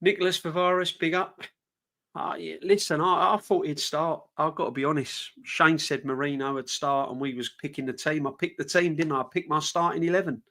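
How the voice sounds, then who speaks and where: A man's voice: a little high, fairly even intonation, a little fast, a bit bright. A man hosting a fan channel live stream, ranting with passion and repeating himself. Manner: passionate, fuming, repetitive.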